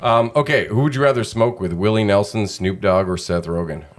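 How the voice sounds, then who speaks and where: A man with a deep, low-pitched voice hosts a laid-back podcast chat. He asks questions in an easy tone and swears casually now and then. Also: brisk, heavy background noise. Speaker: podcast host.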